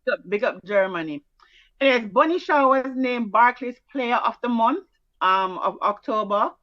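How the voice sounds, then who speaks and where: A woman with a Jamaican accent co-hosting a casual sports chat, teasing and quick-fire in her delivery. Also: fairly high pitch, lively intonation, dry recording. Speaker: co-host. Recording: dull, dry, lo-fi mic.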